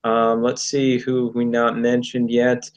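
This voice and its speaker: A man hosting a casual livestream, upbeat and pausing with "um"s as he reads out names. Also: medium pitch, completely flat delivery. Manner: upbeat, with many "um"s while listing names. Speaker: livestream host. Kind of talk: casual livestream chat, shout-outs.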